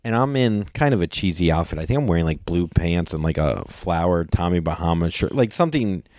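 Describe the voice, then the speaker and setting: A man's voice: sits low, a little fast, dry recording, clean studio sound. A man in his forties, co-hosting a podcast, telling a story in casual chat and jumping into a raised voice to act out what people said. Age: 40s. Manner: animated storyteller who acts out quotes in a raised voice. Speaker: podcast co-host.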